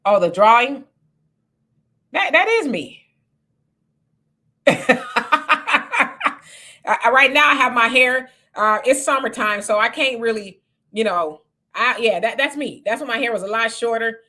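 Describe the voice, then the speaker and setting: A woman hosting a casual livestream, reading viewer comments and chatting with animated, laughing asides. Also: fairly high pitch, unhurried, long pauses. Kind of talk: casual live chat.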